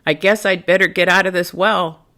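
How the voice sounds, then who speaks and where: A woman voicing a cheerful, boastful male duck in a storybook read-aloud, in a raised, bright voice. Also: lowish voice, fairly even intonation, normal speed.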